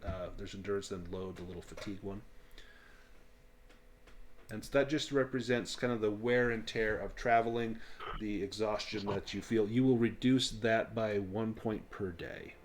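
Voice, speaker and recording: A man running a tabletop game as game master, explaining rules and narrating scenes in a relaxed way with frequent ums. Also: lowish voice, moderate pace.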